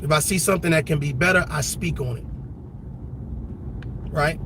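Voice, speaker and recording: An army veteran hosting a livestream, talking passionately in a blunt, repetitive, profane way. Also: male voice, fairly high pitch, normal speed, background noise. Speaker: livestream host.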